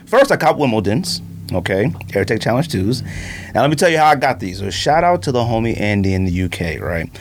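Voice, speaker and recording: A man's voice: lowish voice, a little fast, slight background noise. A man hosting a podcast in casual chat, telling stories with lots of laughter and quoted asides. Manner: animated storytelling, laughs often, acts out quotes. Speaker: podcast host. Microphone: studio microphone.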